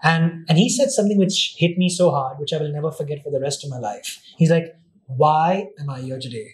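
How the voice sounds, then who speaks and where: A man's voice: on the high side, fast talker. A man who grew up in Oman, a guest actor and presenter, reflecting in a podcast interview and often repeating words as he starts a thought.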